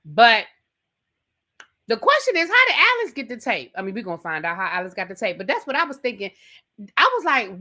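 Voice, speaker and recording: A woman with a bright, forceful voice gives a casual recap of a TV episode. She talks chattily and dramatically, as if sharing gossip. She often calls the listener "baby". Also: a little high, big pitch swings, moderate pace. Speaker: TV review host.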